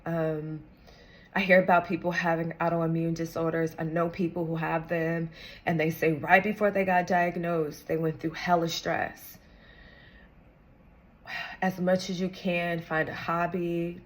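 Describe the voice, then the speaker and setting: Earnest woman vlogger, slightly low voice. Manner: earnest and encouraging, casual slang. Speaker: vlogger sharing a personal story. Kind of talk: heartfelt talk to camera.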